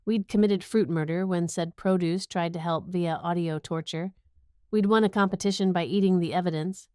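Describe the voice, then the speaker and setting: A woman's voice: on the low side, fairly even intonation, normal speed, a little mellow, clean tone, no echo, studio quality. A young woman narrating a romantic comedy audiobook in first person, wry and sarcastic.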